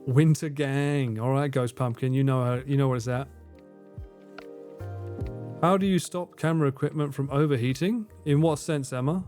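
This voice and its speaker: A fortysomething British livestream host reads and replies to viewer comments in a relaxed way, swearing freely and laughing frequently, from a home room where air conditioning runs. He speaks at medium pitch and a moderate pace, slightly mellow, pausing often, with soft music behind him.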